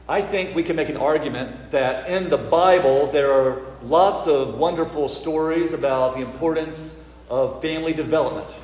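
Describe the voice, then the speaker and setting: Priest from the South preaching in a church hall. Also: male voice, on the high side, a little hiss or hum. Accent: Southern American. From American South. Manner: storytelling, animated when acting out quotes. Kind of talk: sermon. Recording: roomy church with long reverb, faint ambience.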